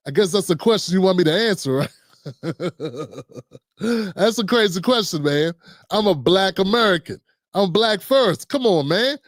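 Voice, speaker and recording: A man's voice: high voice, animated, measured pace, long pauses, no echo, clean studio sound. A middle-aged man hosting a casual political talk show, riffing loosely and playfully with slang and asides to his audience. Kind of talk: casual livestream commentary.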